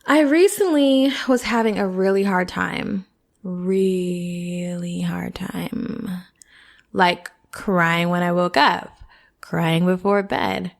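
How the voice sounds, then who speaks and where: Creaky and medium in pitch, this woman's voice carries a casual podcast monologue. She's frank and chatty with her advice and often checks in with the listener.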